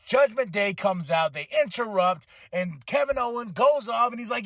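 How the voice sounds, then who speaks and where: A fairly high-voiced man talks through a wrestling show on his own podcast, animated and full of asides. His voice is recorded close and dry, with no room sound. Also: normal speed, few pauses, no echo. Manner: animated and rambling, with impressions and asides. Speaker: podcast host. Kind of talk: casual wrestling recap.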